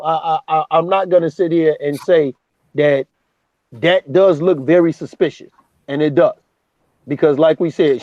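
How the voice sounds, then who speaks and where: A man co-hosting a casual chat, profane and animated, acting out what others said. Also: fairly high pitch, no echo, dull audio. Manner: profane, animated, acts out quotes. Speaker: podcast co-host.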